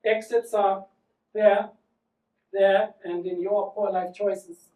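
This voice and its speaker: A man's voice: sits high, flat delivery, slow pace, dark tone. A man voicing a sassy, sarcastic German male flight attendant with a German accent. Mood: campy. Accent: German, put on. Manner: campy, sarcastic. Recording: roomy theatre, from far off.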